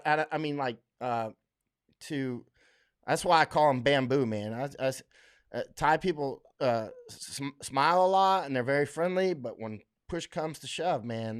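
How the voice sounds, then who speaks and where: This middle-aged man from Florida has a clear, resonant, mid-range voice. On his casual livestream he reads viewer comments, rambling through fillers and restarts, blunt, emphatic, and quick to laugh.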